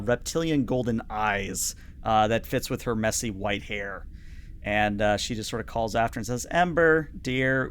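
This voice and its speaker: A man's voice: medium pitch, slight background noise. Brief: chatty game master, man, explaining rules with plenty of ums. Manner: chatty, lots of fillers. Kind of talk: narrating a tabletop game.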